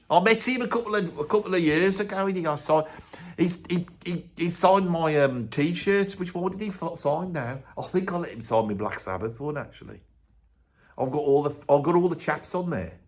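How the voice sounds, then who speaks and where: A man plays a cocky, opinionated Birmingham bloke in his sixties with a thick Birmingham accent, ranting straight to camera in a comic monologue. He swears freely, stumbles and restarts mid-sentence, and his voice sits a little higher than most men's. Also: moderate pace, lightly acted. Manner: blustering rant, swears constantly, stumbles and restarts. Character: opinionated older Birmingham bloke, blustering, boastful. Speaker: comedy character ranting to camera. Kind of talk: comedic character monologue.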